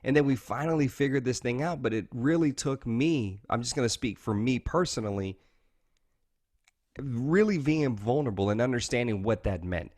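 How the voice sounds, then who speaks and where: A man's voice: mid-range voice, lively intonation, moderate pace, a little mellow. Guy in his 30s, earnest heartfelt interview chat, lots of "you know, man". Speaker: guest. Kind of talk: candid interview talk.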